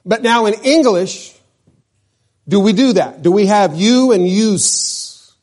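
A man's voice: high-pitched, slow pace, a little mellow. A male pastor from New Mexico preaching a sermon, asking his congregation questions and drawing out key words.

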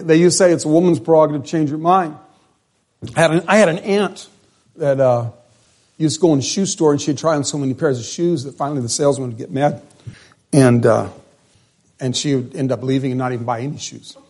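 A male pastor preaching a conversational sermon in a church, asking the congregation questions as he goes. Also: on the high side. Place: church sanctuary.

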